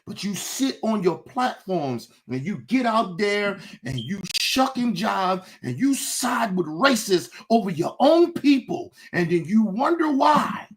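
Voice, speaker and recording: A man hosting his own show, delivering an impassioned, profane commentary rant that swings between shouting and low, intense talk. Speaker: show host.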